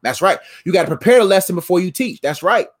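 Animated man preaching with lively pitch. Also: quick pace. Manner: animated, repetitive, playful, calls audience fam. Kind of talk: casual motivational sermon.

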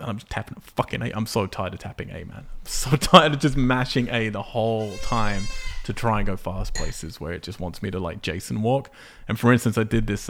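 A man chatting casually on a podcast, telling frustrated stories with lots of swearing and acted-out exclamations. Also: lowish voice. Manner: animated storyteller, swears freely, acts out frustration. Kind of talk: casual podcast chat about a video game.

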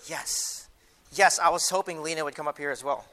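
A man's voice: fairly high pitch, moderate pace, pushed and bright. A pastor giving a casual children's lesson in a church service, often restarting and repeating his words as he talks to the kids. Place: church sanctuary.

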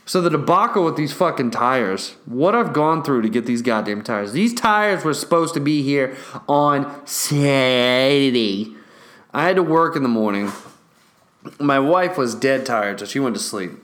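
A man's voice: mid-range voice, measured pace. A young man ranting casually about games and a delivery mix-up, swearing constantly and getting worked up as he rambles. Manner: profane, excitable, restless storytelling.

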